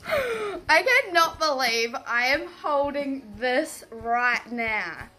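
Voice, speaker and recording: Woman, beauty vlogger, high voice, gushing, giggly, slow-paced, music underneath. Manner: gushing and excitable, often giggling. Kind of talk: casual unboxing vlog.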